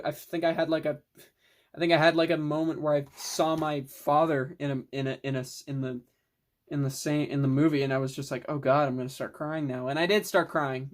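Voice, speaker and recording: A person casually reviewing films in a video, rambling and restarting sentences, with the odd swear word. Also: medium pitch. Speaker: film vlogger.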